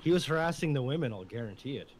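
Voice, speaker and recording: A man's voice: mid-range voice, lively intonation, rapid-fire, darkish tone, a little hiss or hum. A man making blunt, dismissive remarks in a casual livestream chat.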